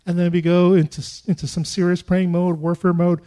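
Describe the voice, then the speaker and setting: A middle-aged man preaching a sermon, telling stories and acting out his own prayers with lively, animated delivery. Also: sits high, a little fast. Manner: animated storytelling with acted-out prayers. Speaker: pastor.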